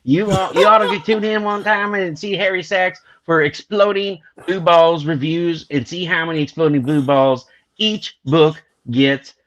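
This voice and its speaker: A man's voice: a little high, normal speed, fairly bright tone, poor audio. A man hosting a panel show, chatting casually with jokes and swearing. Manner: joking and profane. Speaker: host. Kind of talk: casual chat.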